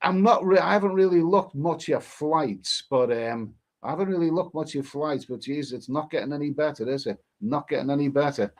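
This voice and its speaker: A man chats loosely on a live stream, answering viewer comments as they come in. He rambles, restarts his sentences and repeats himself, keeping it casual and unhurried. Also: on the high side. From England. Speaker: livestream host reading viewer comments.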